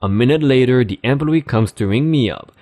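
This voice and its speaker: A man narrating online stories from a script for his channel, in a lively storytelling manner. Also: mid-range voice, a little fast.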